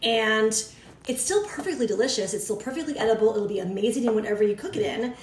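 A woman's voice: on the high side, quick pace. A woman hosting a cooking show, chatting casually with viewers as she talks them through each step. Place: home kitchen. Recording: echoey kitchen, mic at a distance, clattering dishes.

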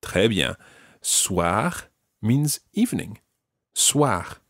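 A man's voice: fairly low pitch, lively intonation, darkish tone, husky, no room sound, clean studio sound. Patient Scottish man teaching pronunciation. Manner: patient, slow, careful modelling of pronunciation. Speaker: French teacher. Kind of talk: podcast language lesson.

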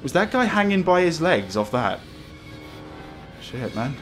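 A man's voice: a little high, sing-song, unhurried, fairly bright tone, faint music behind. A man commentating a horror game as he plays, jumpy, swearing, laughing nervously. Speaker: gamer playing a horror game. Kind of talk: let's play commentary.

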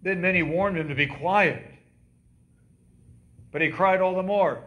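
In a church sanctuary, a pastor delivers a sermon, quizzing the congregation and dramatically echoing the cries from the scripture story. His voice sits high with a fairly bright tone, and he speaks at a normal speed.

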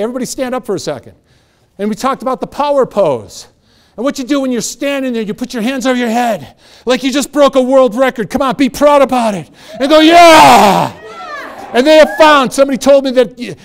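A middle-aged man, a motivational speaker, giving an energetic, joking talk to a live audience and leading it in exercises. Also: very high voice, smooth.

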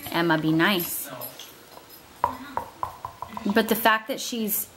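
A young woman talks casually to the camera in a home vlog, her voice sitting at an ordinary middle pitch. She chats easily, laughs often and switches to a coaxing tone with her pets. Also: slow pace, background noise. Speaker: vlogger.

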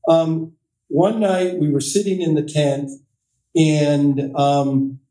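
Middle-aged man telling stories to an audience, mellow, roomy. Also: fairly high pitch, fairly even intonation, slow pace. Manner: anecdotal, self-deprecating, with quoted voices. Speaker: author giving a library talk. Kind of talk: storytelling talk to an audience. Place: library meeting room. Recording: echoey room, distant mic.

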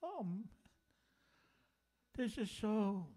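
A man's voice: high voice, very animated, drawn-out words, dark tone. A man serving as pastor who leads prayer during a sermon, earnest and prayerful.

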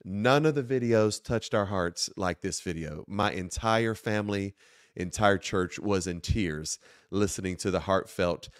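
A man, a bishop, hosting his talk show in an earnest, quick way with many filler words and restarts. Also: deep voice, smooth, no room sound, clean studio sound. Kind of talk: sermon-like talk show monologue.

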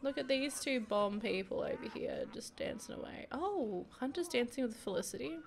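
A woman's voice: on the high side, expressive, normal speed, creaky, a little hiss or hum. A young woman giving chatty, giggly commentary while playing a life-sim game. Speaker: gaming video creator. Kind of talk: casual gameplay commentary.

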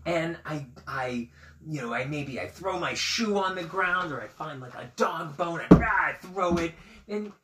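A man teacher reading a picture book aloud to children, expressive and asking his listeners questions. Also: a little high, measured pace, echoey room, crowd noise.

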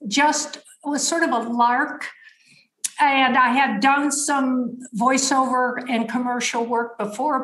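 Lady in her 70s, voice a bit scratchy, kinda high, reflective storyteller, echoey room. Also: fairly bright tone. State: slightly scratchy voice. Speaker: guest, author. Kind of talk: conversational storytelling.

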